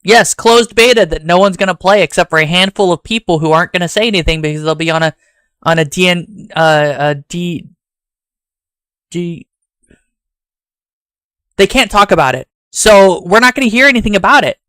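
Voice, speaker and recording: Chatty Southern man with a smooth voice. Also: high voice, moderate pace, long pauses, fairly bright tone, no echo, studio quality. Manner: rambling and chatty, talks straight to chat. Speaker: streamer. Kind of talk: casual chat stream.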